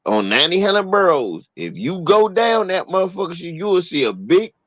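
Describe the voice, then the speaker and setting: A man from D.C. with a lively, swooping delivery tells a story in casual talk, jumping high in pitch when he quotes people. The sound is dry and a little dull, with no room around it. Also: moderate pace, dry recording. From Washington, D.C. area. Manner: animated, profane, acts out quotes with big pitch jumps.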